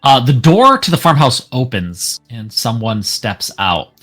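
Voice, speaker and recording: A young man narrates a tabletop game as game master, pausing often on uh and um. His voice swings lively up and down, and there is soft music behind him. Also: mid-range voice. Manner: hesitant, lots of uh and um.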